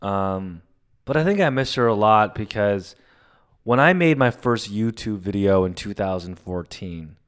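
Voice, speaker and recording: A man hosting a solo comedy podcast, telling stories in a rambling, profane way with sudden loud bursts. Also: fairly low pitch, animated, a little slow, smooth. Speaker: podcast host. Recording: audio-only podcast mic.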